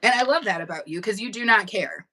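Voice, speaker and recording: A woman's voice: mid-range voice, expressive, quick pace, bright, forceful tone. A woman hosting a casual livestream chat, talking bluntly and emphatically and cursing freely. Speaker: livestream host. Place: home livestream setup.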